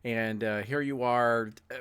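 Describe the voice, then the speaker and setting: A man's voice: mid-range voice, steady tone, unhurried, fairly bright tone, clear, resonant tone. A rambling male game master narrating. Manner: loose, rambling narration full of fillers. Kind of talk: narrating a tabletop role-playing game. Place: home streaming setup.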